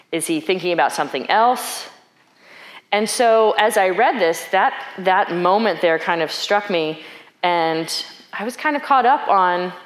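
A woman's voice: lowish voice, reverberant. A woman preaching a sermon in a reflective, conversational way, thinking aloud and asking questions.

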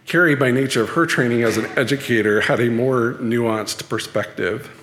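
A man giving a sermon-style talk at church, measured and dryly self-deprecating. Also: mid-range voice, a bit bright. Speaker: lay speaker at church. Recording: echoey hall with long reverb.

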